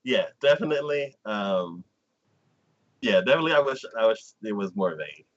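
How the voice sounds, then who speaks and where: A man co-hosting a casual anime talk stream, retelling scenes with lively enthusiasm. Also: on the low side, moderate pace, muffled recording. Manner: animated storyteller who acts out scenes. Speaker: co-host.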